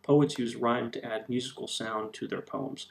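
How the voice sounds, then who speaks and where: Man with a gravelly voice teaching. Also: mid-range voice, fairly even intonation, moderate pace. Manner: explanatory, with frequent ums and uhs. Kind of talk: recorded lesson narration over slides.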